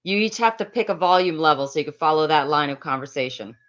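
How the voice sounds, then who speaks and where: A woman from Latin America chatting loudly and quickly on a live stream, reading and answering viewers' comments with frequent laughs. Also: sits low, lively intonation, dull audio. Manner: loud, fast, laughs often. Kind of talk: casual live-stream chat.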